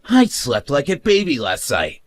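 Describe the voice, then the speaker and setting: A man's voice: mid-range voice, wildly swooping pitch, unhurried, dry recording. A man voicing a smug, cruel young husband who mocks his wife and laughs at her. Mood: gloating. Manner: sneering, mocking laughs, shouts. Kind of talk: animated story narration.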